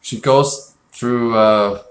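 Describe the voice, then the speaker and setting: A man's voice: medium pitch, fairly even intonation, very slow, roomy sound. A man hosting a casual film review show, talking in a rambling, blunt and profane way with lots of fillers. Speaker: film review podcast host.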